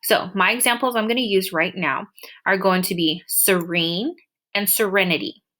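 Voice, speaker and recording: A young woman teacher walking through a screen-recorded lesson, patiently explaining and drawing out example words slowly. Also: mid-range voice, a bit bright.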